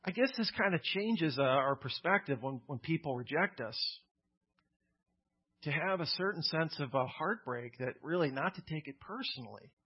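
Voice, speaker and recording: A man's voice: a little high, slightly rough, highs cut off. A male pastor preaching a sermon in a plainspoken, conversational way, with casual asides.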